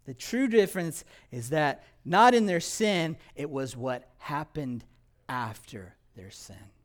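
A male pastor delivering a sermon in a fairly high voice. He preaches in an animated way, firing off rhetorical questions and reading scripture aloud, then drops to quiet, low stretches between bursts of loud emphasis. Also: takes it slowly.

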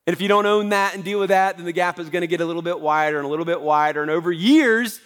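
Conversational pastor, a man, slightly high voice. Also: fast, fairly bright tone, clear, resonant tone. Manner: conversational, self-deprecating humor. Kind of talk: sermon.

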